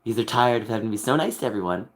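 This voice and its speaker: A man streaming live, venting in an emotional rant that swings from low muttering to a raised voice. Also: animated, rapid-fire.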